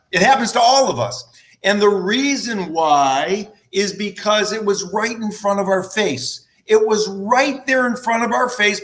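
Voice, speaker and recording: A man's voice: high voice, a bit bright. A man in his fifties, a guest on an interview podcast, telling folksy stories with a lot of repetition. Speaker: guest, sales strategist. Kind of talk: storytelling interview answers.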